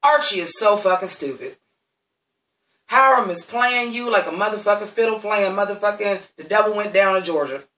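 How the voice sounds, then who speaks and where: A man with a bright, sharp-edged voice tears through a TV episode recap, cursing freely and speaking straight to his audience. He sits back from the mic, and the room around him rings with echo. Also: high-pitched, moderate pace, distant mic. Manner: blunt and heavily cursing, talks straight to viewers. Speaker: TV recap reviewer. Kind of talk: profane, sassy episode recap.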